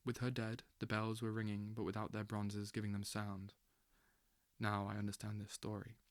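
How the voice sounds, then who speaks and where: A man reading a literary novel aloud as an audiobook, slow and intense, with dramatic swells. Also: on the low side, monotone, dry recording, clean studio sound. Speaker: audiobook reader.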